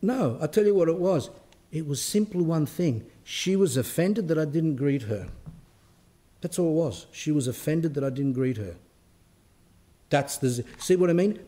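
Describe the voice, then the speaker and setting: A man, an Orthodox cleric, giving a spiritual talk that mixes a personal story with rhetorical questions and turns animated as the story goes on. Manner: grows animated and high when telling the story.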